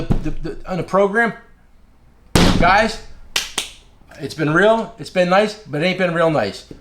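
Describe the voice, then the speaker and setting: A man's voice: high voice, background noise. A man who is an independent tool dealer, giving blunt casual advice, repeating his key phrases.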